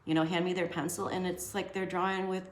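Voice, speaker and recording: In an echoey room, a young woman speaks quickly in a fairly low, level tone while teaching a casual drawing lesson. As an art teacher she stays chatty and jokey, talking to herself as she shades.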